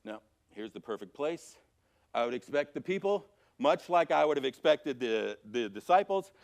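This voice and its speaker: A man teaching a church Sunday school class from scripture, animated, swinging from loud emphasis to quiet, low passages. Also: normal speed, gravelly. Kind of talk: Bible teaching. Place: church auditorium.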